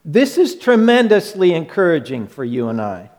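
A pastor preaching a sermon, slow and emphatic, with quick acted-out asides. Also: male voice, a little high, sing-song, a little mellow, long reverb tail.

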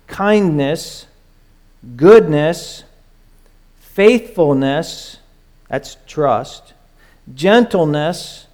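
Pastor guy preaching, slow and drawn out, goes soft then loud and pleading. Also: on the high side. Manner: swings from soft, hushed lines to raised, urgent pleading. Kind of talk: sermon.

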